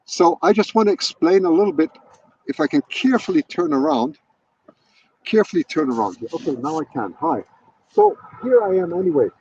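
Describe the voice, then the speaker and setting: Man, slightly high voice, chatty, thinks aloud, live stream, dry slightly dull audio. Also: big pitch swings, brisk, darkish tone, slightly rough, no echo. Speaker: wildlife livestreamer. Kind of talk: live-streamed casual commentary. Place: outdoors on a hilltop. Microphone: external microphone at a laptop.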